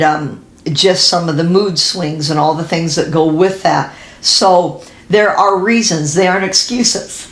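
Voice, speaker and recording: A middle-aged woman speaking earnestly about health and faith, her voice a little gravelly. She talks in a confiding way, pausing on ums and restarting her sentences. The sound carries a noticeable room echo. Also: fairly low pitch. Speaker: Christian women's fitness teacher. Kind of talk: personal faith-based health talk.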